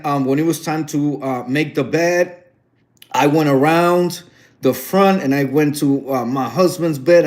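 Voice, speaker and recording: A man chatting casually to his viewers in a sassy, gossiping storytelling manner. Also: on the high side. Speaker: vlogger addressing viewers. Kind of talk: casual chat.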